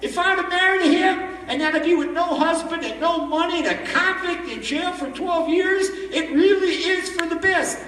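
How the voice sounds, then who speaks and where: A man voicing a young barmaid pouring out an emotional prayer in a high falsetto, recorded from far off in an echoey hall. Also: moderate pace, hardly any pauses, a bit bright. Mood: tearful relief. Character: young woman barmaid, tearful, pleading with God.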